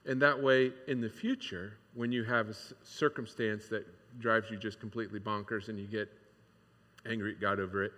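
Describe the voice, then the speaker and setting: A man in a church sanctuary preaching a sermon, candid and conversational, pausing on fillers and restarting his sentences. His voice is bright and forward, and a long reverb trails behind it. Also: medium pitch. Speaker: pastor.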